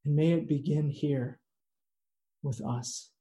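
Male pastor, sermon, earnest, dramatic pauses, unhurried, warm dark tone. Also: on the high side, fairly even intonation.

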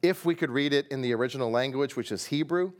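Talking fast in a medium-pitched voice, a middle-aged Texan pastor with a Texan accent delivers a sermon, dramatizing the story as he tells it through voices and sound effects.

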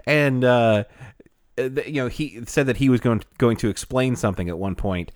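A man co-hosting a casual chat show, animated and laughing often, often trailing off as he searches for words. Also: mid-range voice, normal speed, dry recording, clean studio sound. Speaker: podcast co-host.

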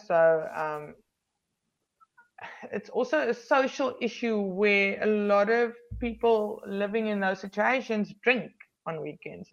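A South African woman, a police officer, frankly recounting her work in a casual interview with many ums and restarts. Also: medium pitch. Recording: slightly dull lo-fi recording.

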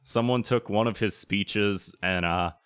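A man with a very deep voice chats loosely on a podcast, circling his points with plenty of fillers and a few curses. The recording is dry and close. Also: measured pace, fairly bright tone, clean tone, dry recording. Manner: rambling, heavy filler words, swears. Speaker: podcast co-host. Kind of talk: casual chat.

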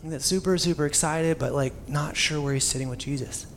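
Young pastor guy preaching casual, kinda high voice, chatty sermon. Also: fairly even intonation, brisk, a little hiss or hum. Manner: conversational storytelling with casual asides.

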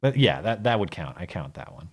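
A man co-hosting a podcast in casual chat, joking in a deadpan, trolling way. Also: deep voice, brisk, slightly rough. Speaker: podcast co-host.

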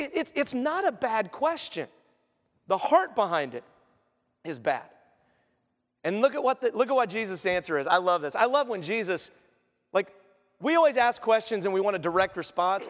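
High-voiced animated preacher in an echoey hall. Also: male voice, moderate pace. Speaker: pastor. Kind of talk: sermon.

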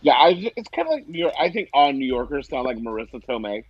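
A man from Ohio co-hosting a casual chat, animated and quick to laugh, with mock-indignant asides. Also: medium pitch, breathy edge, dry recording, highs cut off. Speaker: podcast co-host.

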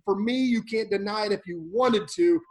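A man on a podcast telling his life story intensely, swinging between loud and hushed, like a preacher. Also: high-pitched, normal speed, low-quality recording. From Illinois. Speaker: podcast guest. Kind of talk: emotional personal storytelling.

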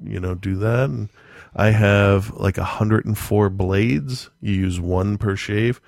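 Brief: low gravelly man, profane chatty storyteller, dry close sound. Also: fairly even intonation, slow pace, a little mellow, no echo. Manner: profane, darkly joking, laughs often. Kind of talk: casual chat.

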